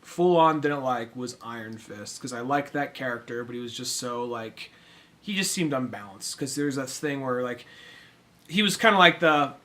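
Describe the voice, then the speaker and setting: A man co-hosting a podcast in casual chat, animated and quick to act out characters as he talks. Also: medium pitch. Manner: animated, acts out characters mid-sentence. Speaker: podcast co-host.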